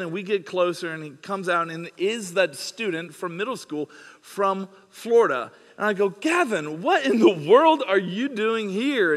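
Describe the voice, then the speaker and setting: A man's voice: high-pitched, a bit bright. A male pastor telling a personal story during a sermon, conversational and lightly self-deprecating, speaking in a church sanctuary. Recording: long hall reverb.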